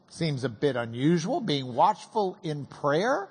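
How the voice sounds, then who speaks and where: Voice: mid-range voice, sing-song, slow pace, few pauses, husky, in a large hall. A preacher giving a folksy, joking Bible-teaching sermon to a congregation.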